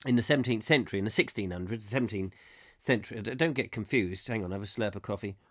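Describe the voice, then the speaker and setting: A man's voice: lowish voice, quick pace, fairly bright tone. A man hosting a live comedy chat show, rambling whimsically and reading out viewer comments. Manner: whimsical, silly, reads viewer comments aloud. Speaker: host.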